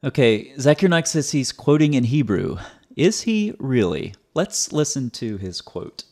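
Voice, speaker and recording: A man's voice: medium pitch, sing-song, unhurried, a little mellow. A man hosting his own video, giving a teaching commentary in a sarcastic, explanatory way and often repeating words as he restarts. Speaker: host.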